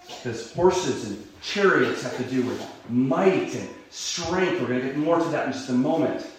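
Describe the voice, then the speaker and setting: A male pastor with a mid-range, animated voice preaches at normal speed in a loose, conversational style, with plenty of fillers and restarts, his voice shooting up for dramatic cries. The room is very echoey, he's far from the mic, and there's a little hiss or hum.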